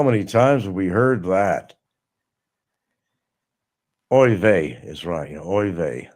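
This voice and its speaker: A man's voice: deep voice, slow, pauses often, darkish tone. A middle-aged man hosting a live stream, talking casually and mocking someone with sarcasm. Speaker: livestream host. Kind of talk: casual livestream monologue.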